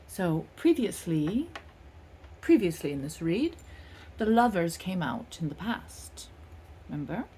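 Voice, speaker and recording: Slow, low-voiced woman reading tarot. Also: big pitch swings, mellow, slight background noise. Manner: playful, rambling, self-mocking. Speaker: tarot reader.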